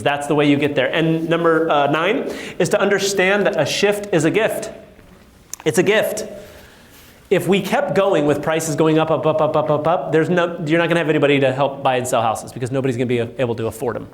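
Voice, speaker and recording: A man coaching real estate agents, telling stories with animated quoted voices. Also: a little high, brisk, roomy sound. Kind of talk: motivational talk to agents.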